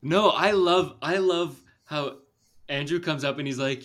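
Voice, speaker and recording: A man's voice: on the high side, a little slow, a bit bright. Chatty young man hosting a podcast. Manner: chatty, rambling with fillers and laughs. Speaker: podcast host. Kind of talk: casual chat.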